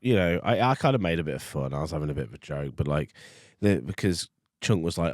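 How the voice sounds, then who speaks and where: A man co-hosting a podcast in casual chat, animated and swearing freely. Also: very deep voice, no echo, studio quality. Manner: animated, swearing, quick to laugh. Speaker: podcast co-host.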